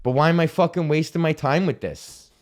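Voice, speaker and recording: Smooth-voiced man ranting on his podcast. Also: on the high side, brisk. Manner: profane, self-deprecating, rambling. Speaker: podcast host. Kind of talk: solo comedy podcast rant.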